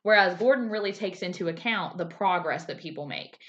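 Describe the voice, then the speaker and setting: A woman's voice: fairly low pitch, a little fast. A woman co-hosting a casual podcast, animatedly recapping a TV episode. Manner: animated storyteller, acts out quotes in a raised voice. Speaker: podcast co-host. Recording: slightly dull lo-fi sound.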